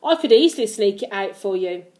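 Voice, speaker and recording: A woman voicing a small, timid male zookeeper with a squeaky voice, eager and hesitant by turns. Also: expressive, a little fast, a little mellow, lightly acted. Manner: eager, hesitant then sure.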